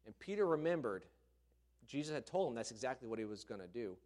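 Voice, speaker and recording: A man's voice: mid-range voice, big pitch swings, fast, darkish tone. A man preaching a sermon, telling a story emphatically and expressively.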